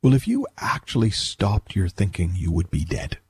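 A man's voice: fairly low pitch, huge pitch swings, moderate pace, breathy edge. A man giving a reflective, conversational monologue, talking his way through ideas with restarts and acted-out bits of self-talk. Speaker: speaker on mindset.

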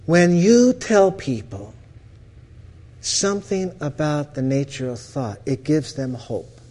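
A man, a counselor, giving a storytelling talk about how thought shapes experience. He talks with lively energy, often restarts his phrases and laughs as he tells a story. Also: a little high, slow pace. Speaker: counselor teaching the principles.

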